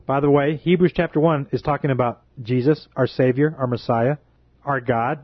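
A man's voice: medium pitch, steady tone, moderate pace, no room sound, lo-fi sound. A man preaching with fervent indignation, drawing out his phrases for emphasis.

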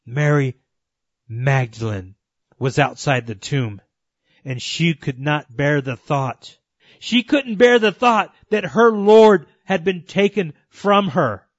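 A man with a high voice preaches an earnest sermon and speaks directly to his listeners. The recording is dry and close, with a slightly muffled, dull tone. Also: animated, slow, dry recording. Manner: earnest, addresses listeners as folks and friends.

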